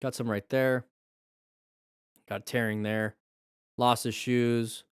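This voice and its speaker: A man's voice: mid-range voice, level tone, slow, clear, resonant tone, dry recording, studio quality. A man hosting a casual live stream, chatty and joking as he explains first aid. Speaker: live-stream host reviewing crash videos.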